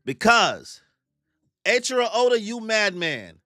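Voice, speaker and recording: A young man reacts live to a new manga chapter, full of jokes and slang and quick to act out the characters. His voice is bright and sits fairly high, and it swings widely in pitch. The sound is dry and close to the mic. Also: no room sound. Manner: joking, animated, slangy, acts out characters in put-on voices. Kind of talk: excited live reaction commentary.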